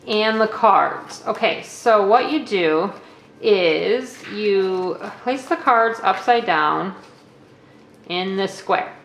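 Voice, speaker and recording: A woman teacher walks through hands-on classroom activities in a relaxed, unhurried way, often stopping to check in with the viewer. Her voice sits at an ordinary middle pitch. The room is echoey, with a faint hiss behind her. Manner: chatty and explanatory, checking in with okay and all right. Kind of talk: casual tabletop demonstration. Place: indoors at a table.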